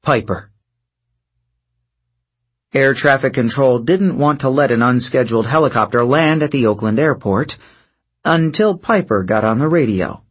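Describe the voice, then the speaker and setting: A man narrating an audiobook chapter in a steady, measured manner. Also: mid-range voice, husky. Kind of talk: scripted narration.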